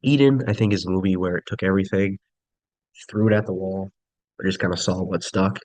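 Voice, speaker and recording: A man's voice: low voice, fairly even intonation, brisk, a little mellow, no echo, low-quality recording. A young man casually ranking movies he saw, laid-back and chatty with frequent ums. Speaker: movie reviewer.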